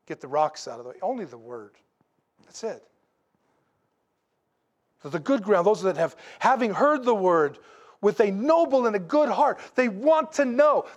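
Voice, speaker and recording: A man preaching a sermon in a folksy, animated way, with asides to the congregation. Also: high voice. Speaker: pastor.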